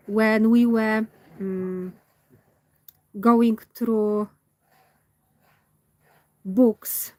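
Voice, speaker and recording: A woman, not a native English speaker, telling a personal story in a reflective monologue and often pausing to search for words. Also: medium pitch, darkish tone, dry recording. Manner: thoughtful, pauses to search for words. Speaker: vlogger.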